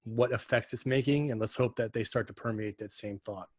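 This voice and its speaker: A man's voice: lowish voice, steady tone, brisk, a little mellow, dry recording. A man co-hosting a podcast, speaking in a reflective, encouraging way. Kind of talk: casual interview chat.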